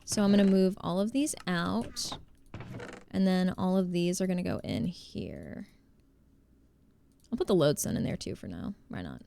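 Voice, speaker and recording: A woman's voice: fairly low pitch, lively intonation, normal speed, creaky, long pauses, warm tone. Chatty woman streamer, New Jersey accent. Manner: chatty, reads chat aloud and greets viewers. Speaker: live streamer. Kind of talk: casual live-stream chat while playing a game.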